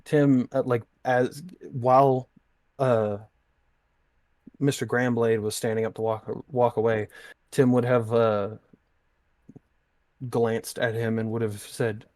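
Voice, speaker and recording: A man's voice: mid-range voice, flat delivery, takes it slowly, pauses often, a little mellow, no room sound. A man playing a character in a tabletop game, narrating his actions casually with fillers. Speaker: player.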